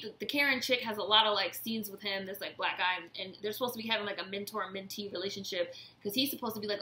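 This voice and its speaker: Bright-voiced woman ranting profanely. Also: a little high. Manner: profane, blunt, animated. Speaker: vlogger. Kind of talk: casual ranting review. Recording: echoey room.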